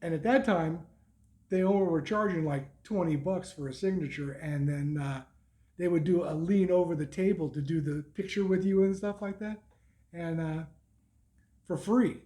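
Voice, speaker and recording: Middle-aged male vlogger, slightly high voice with a soft, mellow tone, loose and rambling, lots of restarts and little chuckles. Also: moderate pace. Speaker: motorcycle vlogger. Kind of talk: casual spoken recap.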